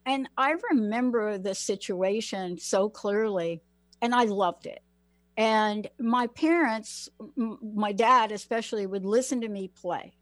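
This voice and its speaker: A woman from the Bronx running an interview, drawing her guest out with encouraging, reflective questions. Her voice sits at a middling pitch and is recorded dry and close. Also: dry recording. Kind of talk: conversational interview.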